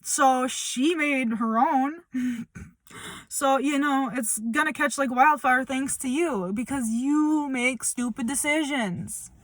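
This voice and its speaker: A woman's voice: sits high, slow pace, dry recording. A young woman speaking bluntly and confrontationally in a personal update vlog, swearing as she calls someone out. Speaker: vlogger.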